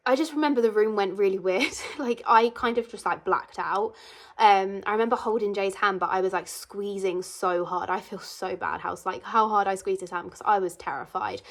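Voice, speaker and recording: Twenties woman, casual vlogger, earnest and talkative, mid-range pitch. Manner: emotional, chatty, many fillers. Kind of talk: casual vlog storytelling.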